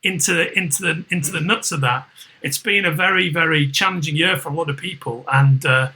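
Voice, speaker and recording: A middle-aged man with a Liverpool accent talks in a loose, rambling way, circling back and restarting his sentences. His voice sits fairly high and sounds bright and tense. He swears freely in casual podcast chat. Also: a little fast, low-quality recording. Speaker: podcast host.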